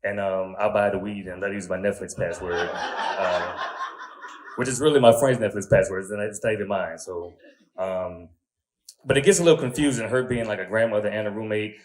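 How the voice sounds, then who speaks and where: A man's voice: fairly low pitch, a little fast. A man in his thirties working a stand-up crowd. He talks in an easy, conversational way, leans into crude punchlines, and keeps tossing short asides to the audience. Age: 30s. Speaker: stand-up comedian. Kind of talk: stand-up comedy set.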